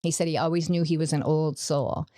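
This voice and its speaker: A middle-aged woman, guest on a podcast, shares a personal faith testimony in an earnest storytelling manner, acting out quoted dialogue. Her low, warm voice is a little fast with fairly even intonation, in a dry, studio-quality recording.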